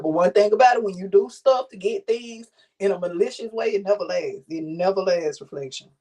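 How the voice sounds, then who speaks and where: A woman's voice: mid-range voice, quick pace, dark tone. A woman hosting a reaction video, commenting bluntly and with profanity and throwing questions at her viewers. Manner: rhetorical questions to the audience.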